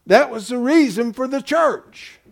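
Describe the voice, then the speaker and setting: A man's voice: very high-pitched, lively intonation, measured pace, gravelly. A pastor preaching in an emphatic, folksy way, asking his congregation rhetorical questions. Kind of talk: sermon.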